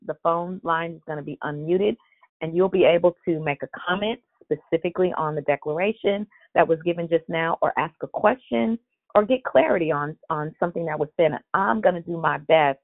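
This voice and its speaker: Woman running a church call line, kinda low voice, tinny phone sound, encouraging preachy tone. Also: no room sound. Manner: warm, encouraging, sermon-like cadence. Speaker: host of a prayer call line.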